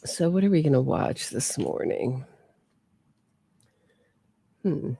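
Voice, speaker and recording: A woman hosts a true crime livestream in a relaxed, chatty way and keeps turning to her viewers. Her voice has a gravelly, creaky texture. The sound is close and dry, with no room echo. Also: deep voice, takes it slowly. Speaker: true crime podcast host. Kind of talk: casual livestream commentary.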